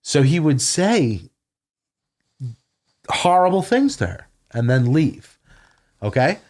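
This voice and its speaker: A man's voice: a little high, slow pace. A man casually telling a long story on a podcast, swearing and acting out quoted dialogue. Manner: profane, animated retelling with quoted dialogue. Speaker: podcast guest. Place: home podcast room.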